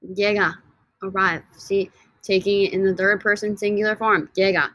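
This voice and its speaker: A woman teaching a casual lesson, energetic and playful, repeating words slowly for her students. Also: medium pitch, no room sound. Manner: energetic and playful, drawn-out repetitions. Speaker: Spanish teacher.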